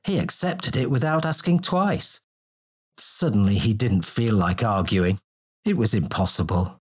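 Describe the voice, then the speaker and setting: A man narrating a fantasy audiobook in a steady, descriptive storytelling manner. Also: fairly low pitch, slightly rough.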